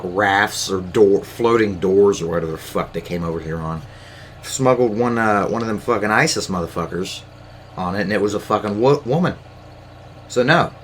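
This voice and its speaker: A man's voice: fairly low pitch, a little hiss or hum. A man in young adulthood hosting his own podcast, ranting in a rambling, profane way with lots of fillers and restarts. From United States. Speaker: podcast host. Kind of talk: casual solo rant.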